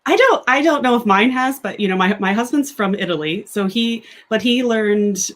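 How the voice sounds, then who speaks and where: A woman's voice: on the high side, lively intonation, moderate pace. A woman in her thirties with a Midwestern American accent, chatting as an interview guest, laughing often and talking with many fillers. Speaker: guest, sugaring instructor. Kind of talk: casual interview chat.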